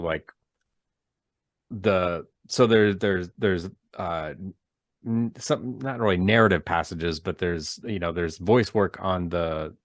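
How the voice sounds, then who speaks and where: A man hosting an interview, asking questions in a halting, searching way. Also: low voice, dry recording, clean studio sound. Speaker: interview host. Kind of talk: casual video-call interview.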